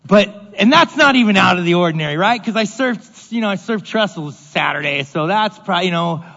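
A middle-aged male pastor giving a casual, storytelling sermon, animated and self-deprecating, acting out the voices in his stories. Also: sits high, a little fast, creaky. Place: church sanctuary. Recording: dull echoey hall recording.

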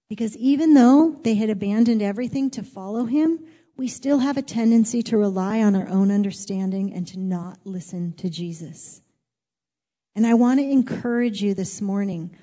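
A woman's voice: medium pitch, warm tone, long reverb tail. A woman preaching a sermon in an earnest, conversational way, rising to emphatic exhortation.

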